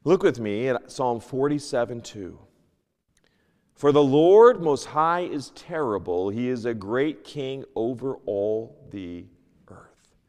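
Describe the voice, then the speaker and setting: Guy teaching sunday school from the bible, reads old scripture out loud, gets loud then quiet, echoey church. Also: mid-range voice, slow. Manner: animated, swings from loud emphasis to hushed asides; reads King James scripture aloud.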